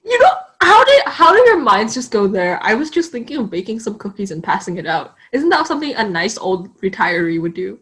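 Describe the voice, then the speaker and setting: A woman's voice: medium pitch, sing-song, brisk, hardly any pauses, a bit bright. Young woman podcast cohost, giggly, voice bounces up and down a lot. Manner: giggly, reads out the questions. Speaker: podcast co-host. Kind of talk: casual chat.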